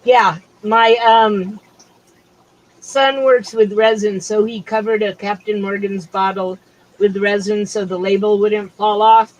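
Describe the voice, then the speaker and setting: A woman's voice: medium pitch, fairly even intonation, slow pace, low-quality recording. A middle-aged woman hosting a casual livestream from home, chatting in a rambling way and drifting from topic to topic. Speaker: livestream host. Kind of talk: casual chat.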